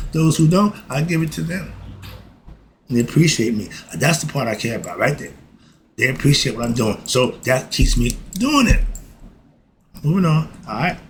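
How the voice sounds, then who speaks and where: A man's voice: a little high, a bit bright, a little hiss or hum. An older man giving life advice in a casual monologue, folksy and emphatic, breaking off with frequent asides.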